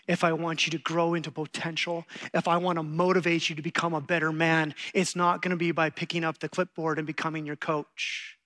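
A middle-aged man preaching a sermon, telling stories and acting out quotes with animation. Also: on the high side. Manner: animated storytelling, acts out quotes.

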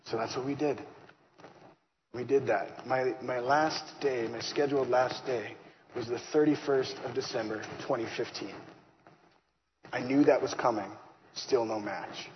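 Man telling a lively testimony in a hall. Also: mid-range voice, a little slow. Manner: animated, acts out dialogue. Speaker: speaker giving a faith testimony. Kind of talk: storytelling testimony. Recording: long hall reverb, slightly dull, faint hiss.

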